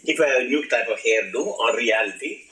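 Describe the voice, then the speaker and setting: A man's voice: mid-range voice, fairly quick, sharp tone. A man giving an informal spiritual talk, playful and laughing, asking his audience questions. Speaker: spiritual teacher. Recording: echoey room, old archive recording.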